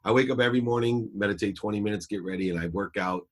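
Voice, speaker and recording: A middle-aged man with a husky, somewhat breathy voice sits down as a podcast guest. His voice sits low, and he talks in an earnest, reflective way, leaning on points to stress them. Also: quick pace. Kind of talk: podcast interview storytelling.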